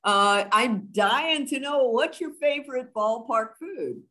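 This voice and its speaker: A woman moderating a conference panel over a video call, asking questions and giving quick affirmations. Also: high voice, fairly bright tone, rough recording.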